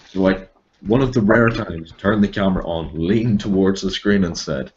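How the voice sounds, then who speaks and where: Deep-voiced Irish man, casual chat. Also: moderate pace, slight background noise. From Ireland. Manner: profane, wry storyteller. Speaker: podcast guest, voice actor. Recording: dull lo-fi call audio.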